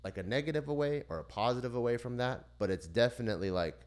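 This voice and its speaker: A man on a casual podcast, telling a story in lively, profane fashion and acting out the people in it. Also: medium pitch, fast. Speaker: podcast co-host.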